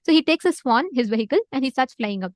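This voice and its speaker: A woman teaching an online class who tells a sacred story with lively energy. She uses many filler words and repeats words for emphasis. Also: sits high, fast talker, no room sound. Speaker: spiritual teacher.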